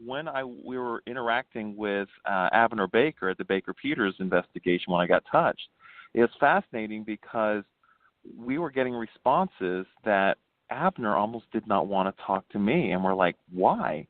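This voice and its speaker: Male guest, animated storyteller; swooping delivery, dry phone-line audio. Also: moderate pace, dry recording. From born New Hampshire, raised in Florida. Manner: animated storyteller, laughs often, swoops in pitch. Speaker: guest, paranormal investigator and ghost tour founder. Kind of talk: casual phone interview.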